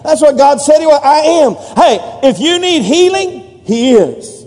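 A man's voice: extremely high pitch, animated, measured pace, darkish tone. A man preaching a sermon, leading the congregation in call-and-response and building to emphatic peaks. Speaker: pastor. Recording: long hall reverb.

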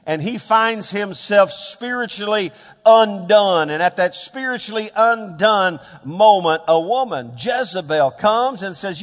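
High-voiced preaching man, big reverberant hall. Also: expressive, unhurried. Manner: dynamic preaching, dropping to hushed tones and rising for emphasis. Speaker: pastor. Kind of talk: sermon.

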